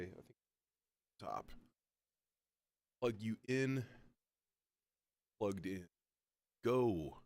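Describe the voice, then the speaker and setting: Building a modular synth on a livestream, this man talks in a casual, rambling way while he works, cursing frequently and making fun of himself. He speaks very slowly with long pauses, in a low voice with big swings in pitch.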